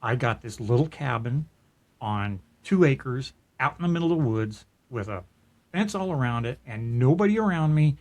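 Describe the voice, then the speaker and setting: A middle-aged podcast co-host tells a personal story in an animated voice of medium pitch, at normal speed. He sounds casual, earnest and reflective, often restarting his sentences and letting out soft laughs.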